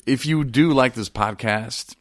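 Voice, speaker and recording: A man's voice: mid-range voice, a little slow, dry recording, studio quality. A man co-hosting a podcast in casual chat, joking around and laughing often. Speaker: podcast co-host.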